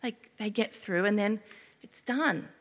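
A woman giving an expressive children's sermon as a preacher, often asking her listeners questions. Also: mid-range voice, a little slow, in a large hall.

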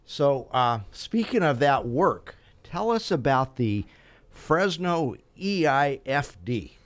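A man with an everyday mid-pitched voice, hosting a radio talk show from a studio. He talks in a friendly, chatty way, throws in jokes and steers the conversation. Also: big pitch swings, takes it slowly.

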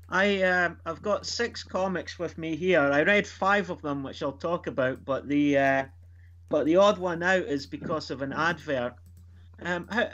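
A man's voice: fairly high pitch, fairly bright tone. A man chatting casually in a comic book group, telling stories with lots of fillers. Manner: chatty, storytelling, hesitant with fillers. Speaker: comic book club member. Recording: dull lo-fi sound.

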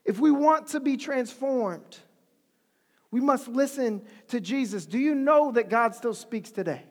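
A preacher giving an animated, humorous, conversational sermon in a large hall. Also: medium pitch, a little slow.

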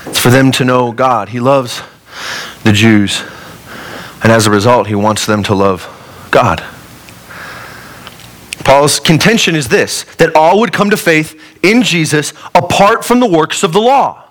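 A man from Colorado preaching a sermon as a pastor, earnest and conversational, with humorous asides and wide swings in pitch and loudness. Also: a little slow, long pauses. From Colorado, USA.

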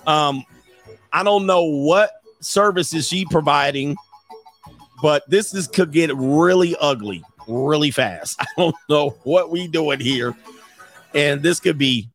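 A man's voice: on the high side, slow, long pauses, a bit bright, soft background music. A male host giving blunt, opinionated casual reaction commentary, laughing often as he talks.

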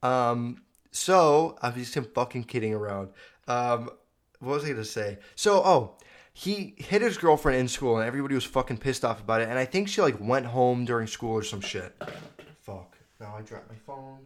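A man's voice: mid-range voice, normal speed. A young man hosting a podcast, telling stories in a rambling, profane, self-correcting way. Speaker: podcast host. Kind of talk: casual storytelling monologue. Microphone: video podcast mic.

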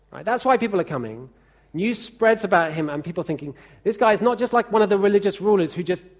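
Chatty preacher, higher voice. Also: male voice. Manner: chatty, asks the congregation questions. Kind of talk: sermon.

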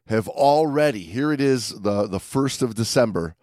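A man hosting a podcast in casual chat, upbeat and giving shout-outs, often stumbling and restarting his sentences. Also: mid-range voice, lively intonation, moderate pace, dry recording, clean studio sound. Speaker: podcast host.

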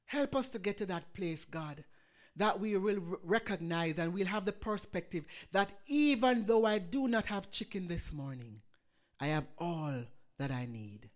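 A woman pastor preaching a sermon with passion, swinging between loud calls and hushed prayer. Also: fairly low pitch, animated, measured pace.

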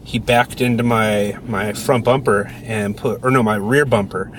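A man's voice: lowish voice, fairly even intonation, unhurried, a little hiss or hum. A man co-hosting a casual podcast from inside a car, talking in a rambling, sardonic way with lots of fillers. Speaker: podcast co-host. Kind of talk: casual chat.

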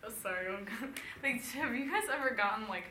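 Enthusiastic young woman, bright echoey voice. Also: fairly high pitch, animated, fast talker. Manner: enthusiastic, emphatic. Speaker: friend in group chat. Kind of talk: casual chat. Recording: echoey room, faint noise.

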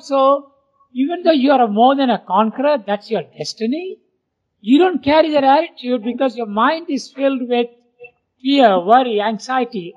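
Earnest man teaching a Bible class. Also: very high-pitched. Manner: earnest, emphatic, acts out quoted voices. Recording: dull lo-fi recording.

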